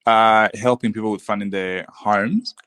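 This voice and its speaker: Young man, low-pitched, enthusiastic, casual podcast guest, frequent restarts. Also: fairly even intonation, measured pace, a bit bright, clean tone. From Congo. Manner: earnest, enthusiastic, many restarts and "dude". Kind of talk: casual conversation.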